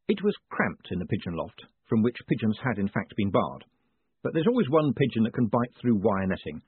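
A male audiobook narrator with a very husky, breathy voice and a lively, swooping delivery. The recording is thin and phone-like, and dry with no room sound. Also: lowish voice, a little fast, no room sound. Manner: lively, expressive storytelling. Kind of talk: scripted narration.

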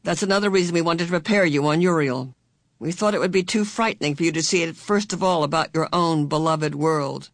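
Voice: mid-range voice, brisk, no echo, studio quality, lightly acted. A reader voicing a cheerful, motherly old female being who speaks in a fond, lilting way. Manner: bright, lilting, fond, calls listeners "dear". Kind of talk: audiobook character voice.

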